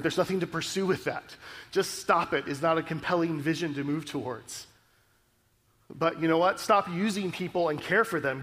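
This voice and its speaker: In a large hall, a male pastor delivers an earnest, conversational sermon, often checking in with the congregation through "right?" asides. His voice sits a little high and sounds a bit bright.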